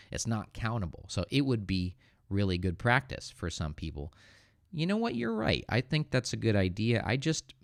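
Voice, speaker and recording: A man's voice: on the low side, no echo, clean studio sound. An American man hosting a casual livestream, teaching English and answering viewer questions, thinking aloud with hesitant restarts.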